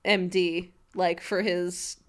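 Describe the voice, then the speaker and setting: A woman's voice: on the low side, little pitch movement, slow pace. Woman co-host, casual and playful with dry sarcasm, laughs easily. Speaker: podcast co-host. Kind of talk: casual comedic podcast chat.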